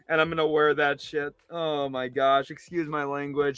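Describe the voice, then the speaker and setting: A young man hosting a sports livestream, reacting in an exasperated rant that swings between loud outbursts and low mutters. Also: little pitch movement, normal speed, few pauses, smooth, dry recording. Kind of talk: live reaction commentary.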